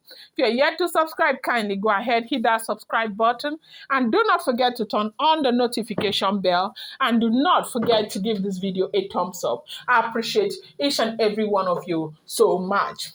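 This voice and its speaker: A woman's voice: on the high side, a bit bright. A woman with a Nigerian accent, hosting a celebrity gossip vlog, emphatic and repetitive, firing off rhetorical questions.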